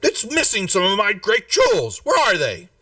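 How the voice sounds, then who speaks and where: A game master voicing an indignant older gentleman who shouts for the guards after his jewels go missing. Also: mid-range voice, expressive, moderate pace, creaky, no room sound, distant mic, heavily acted. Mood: outraged. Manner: shouting, accusing. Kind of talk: tabletop role-play voice.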